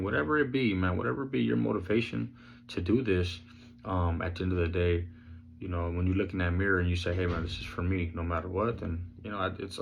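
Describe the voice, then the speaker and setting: A hoarse man with a very deep, gravelly voice talks in a laid-back, rambling way, full of fillers. His delivery stays flat and even, and a faint hum sits under the recording. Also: dull audio. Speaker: vlogger sharing his recovery journey. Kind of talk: casual spoken vlog.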